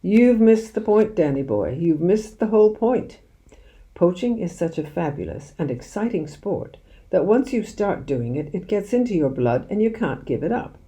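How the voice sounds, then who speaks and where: A woman reading aloud, voicing a lively, mischievous village father who loves poaching and shares his secrets. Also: fairly low pitch, moderate pace. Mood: animated. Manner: animated, conspiratorial, drops to hushed secrecy.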